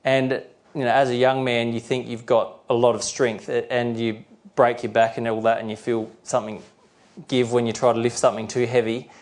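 A middle-aged man delivers a sermon at an even, mid-range pitch. He explains each point plainly, with the odd filler and restart, and slows right down to read scripture verses carefully. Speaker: preacher.

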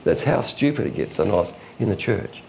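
A man preaching a sermon in a folksy, illustrative way, with quick asides and chuckles. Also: on the low side, sing-song, creaky, noisy background. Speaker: pastor.

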